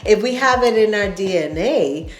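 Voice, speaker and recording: A woman's voice: medium pitch, lively intonation. A woman from Panama, hosting a casual kitchen-table chat, speaking in a reflective way and often restarting her sentences. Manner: slow, reflective, stops to restart. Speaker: host. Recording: echoey room with faint music.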